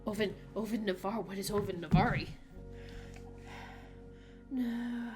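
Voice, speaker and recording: A woman streaming a video game, chatting casually and telling animated stories with lots of fillers. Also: medium pitch, a little slow, faint music behind. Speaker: mother. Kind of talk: casual gameplay stream chat.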